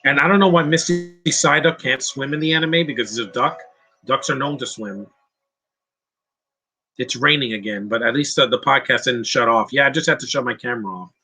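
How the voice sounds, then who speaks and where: A man's voice: medium pitch, brisk, sharp tone, breathy edge. A man hosting a casual live movie commentary, chatty and opinionated, reading out viewer questions and rambling with restarts. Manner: rambling with frequent restarts and laughs.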